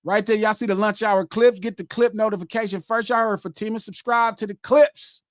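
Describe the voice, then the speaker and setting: A man hosts a live stream in a loose, joking way, rattling off shout-outs between bits of banter. His voice sits high for a man, and it sounds close and dry. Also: steady tone, a little fast, no room sound. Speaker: host.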